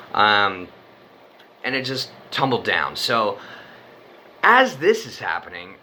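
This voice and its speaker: Bright, profane young man telling a story. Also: lowish voice, a little hiss or hum. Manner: rambling, profane, full of "like" and "you know". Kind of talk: casual spoken storytelling.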